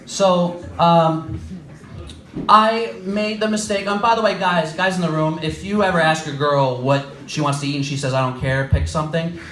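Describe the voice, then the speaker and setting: A young man with a New York accent works through a stand-up set, his voice set high for a man. He throws himself into the quoted lines with animated energy. The sound comes from off the mic, with the echo of a small comedy club around it. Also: normal speed, far from the mic.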